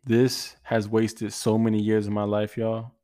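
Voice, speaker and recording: A man's voice: lowish voice, completely flat delivery, measured pace, warm tone, no echo, studio quality. A man in his twenties hosting a podcast, giving an earnest, casual motivational talk full of slang, repeated phrases and restarts. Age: 20s. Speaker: podcast host.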